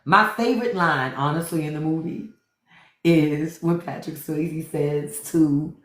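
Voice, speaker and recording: A woman's voice: low voice, a little slow, roomy sound. A woman host giving blunt, profane commentary to livestream viewers, repeating her points. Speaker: podcast host.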